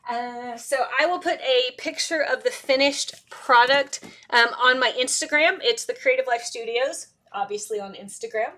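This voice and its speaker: A woman with a bright, clear voice hosts a live crafting session from her desk. She rambles casually and talks to herself as she works, with frequent laughs. Her tone stays loose and conversational. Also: a little high, moderate pace, hardly any pauses. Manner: rambling, self-talk while working, laughs often. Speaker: craft live-stream host. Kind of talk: chatty live crafting demo.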